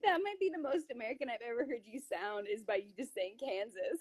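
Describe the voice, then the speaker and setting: A woman's voice: a little high, big pitch swings, fast, a little mellow. An American woman chatting and teasing with lots of laughter on a phone live stream. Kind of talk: casual chat.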